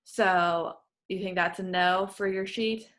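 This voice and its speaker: A woman's voice: lowish voice, steady tone, slow, a bit bright. A woman working as a voice clinician, giving patient, encouraging step-by-step instructions in a therapy session.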